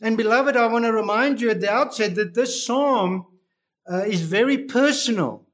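A man with a high voice preaches a sermon, reading scripture and explaining it with slow, deliberate emphasis.

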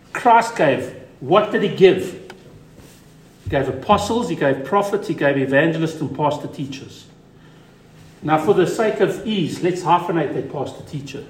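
A male pastor delivers a sermon in a high, ringing voice. He leans hard on repeated key words, then drops suddenly quiet to press a point home. The room around him is echoey. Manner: emphatic preaching, drops to quiet for stress.

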